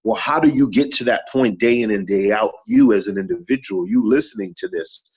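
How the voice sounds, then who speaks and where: A low-voiced man with a husky edge delivers earnest motivational talk on a morning show. He is preachy and repeats himself to drive each point home. The recording sounds muffled and lo-fi. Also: a little fast.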